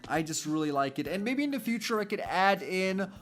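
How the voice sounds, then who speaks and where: A man's voice: high-pitched, animated, brisk, fairly bright tone. A young man casually narrating a Minecraft building tutorial, chatty and full of fillers like "basically" and "go ahead". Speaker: Minecraft let's-play host.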